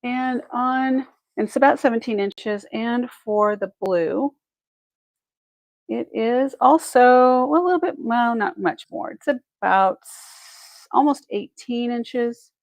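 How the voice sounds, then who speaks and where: A woman's voice: on the high side, slow pace, creaky, no room sound, low-quality recording. A woman hosting a live online jewelry sale, chatty and effusive, thinking aloud as she measures pieces and thanks buyers. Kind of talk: live shopping stream chat.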